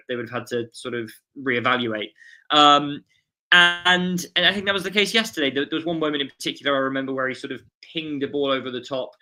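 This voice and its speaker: Bright-voiced man discussing football. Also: mid-range voice. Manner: thoughtful, many fillers and restarts. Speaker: podcast pundit.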